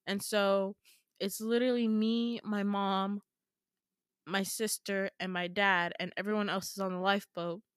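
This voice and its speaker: Woman podcaster recounting a dream, super casual, says like constantly, laughs a lot, smooth clear voice. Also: mid-range voice, a bit bright, no echo, studio quality. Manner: chatty, heavy use of filler "like"; laughs often while talking. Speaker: podcast host.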